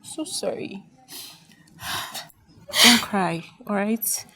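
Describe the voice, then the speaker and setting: A woman playing a sympathetic friend who soothes a grieving woman, repeating gentle reassurances. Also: medium pitch, very animated, very slow, slight background noise, exaggerated voice. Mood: consoling. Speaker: actress in a film. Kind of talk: film drama acting.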